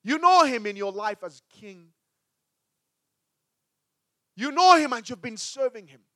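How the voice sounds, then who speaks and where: A man preaching a sermon as a pastor, with emphatic delivery that swings between loud and hushed. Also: very high voice, animated, a little slow, dry recording, studio quality.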